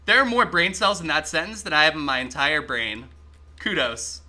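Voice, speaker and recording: A man streaming a game live, chatting excitably with his viewers and swearing freely as he plays. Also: fairly high pitch, normal speed. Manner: talks to chat while playing. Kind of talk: casual live-stream gaming commentary.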